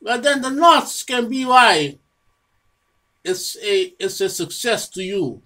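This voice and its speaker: Speaking slowly with lively intonation, this medium-pitched voice sounds pushed and bright. A home video presenter delivers a rambling, unscripted monologue on their own research, frequently repeating words, restarting phrases, and scolding someone imagined.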